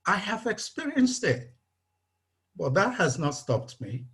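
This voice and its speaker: A man's voice: high-pitched, big pitch swings, takes it slowly. A man from Nigeria, speaking bluntly and emphatically on a video call and repeating his points. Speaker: webinar participant, engineer.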